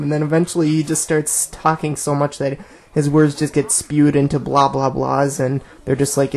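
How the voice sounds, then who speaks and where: A man's voice: fairly high pitch, monotone, normal speed, gravelly, darkish tone. A man giving a casual director's commentary in a rambling, laid-back, self-amused way. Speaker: director of a web series.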